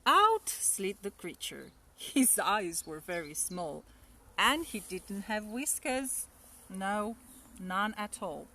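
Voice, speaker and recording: Slow, expressive woman reading a storybook. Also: medium pitch, a little hiss or hum. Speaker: teacher. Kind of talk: reading a picture book aloud.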